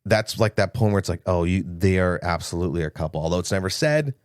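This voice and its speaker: Animated man recapping a movie. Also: sits low, fast talker, clean tone, no echo, clean studio sound. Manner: animated, jokey recaps with quoted lines. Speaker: podcast co-host. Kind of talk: casual movie discussion.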